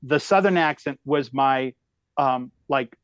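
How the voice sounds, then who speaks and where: A comedian in his fifties telling a story in a lively, exaggerated way as a podcast guest. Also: medium pitch, unhurried, smooth, dry recording, muffled recording. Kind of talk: animated storytelling.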